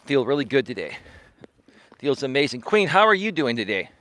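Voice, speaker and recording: A man's voice: medium pitch, very animated, a little fast, bright, forceful tone, a little hiss or hum. A man hosting a casual live-stream monologue while walking, speaking with emphasis, repeating words and tagging lines with "right?". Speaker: life coach and live-stream host.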